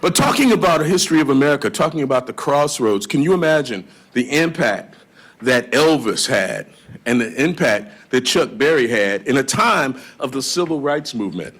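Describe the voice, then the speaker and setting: A man's voice: mid-range voice, expressive, normal speed, a bit bright, breathy edge. A man lecturing as a blues historian and guitarist to a live audience, telling stories in a folksy manner and breaking into song. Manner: folksy storyteller, drawls into song. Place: live event before an audience. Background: guitar playing.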